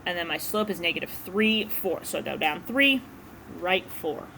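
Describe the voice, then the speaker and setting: Casting note: woman math teacher, bright, easygoing classroom lecture, faint room hum. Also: lowish voice, lively intonation, normal speed. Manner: casual, chatty explaining.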